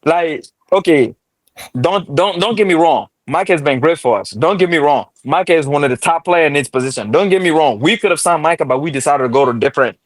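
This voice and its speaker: A man's voice: on the high side, lively intonation, a little fast, dry recording. A man co-hosting a casual sports debate who repeats phrases for emphasis. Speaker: sports talk host.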